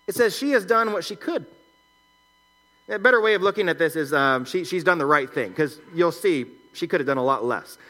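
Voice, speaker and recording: A man preaching a conversational sermon. His voice sits high for a man and sounds bright and forceful. He reads scripture aloud and then explains it to the congregation. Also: lively intonation, brisk. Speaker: pastor.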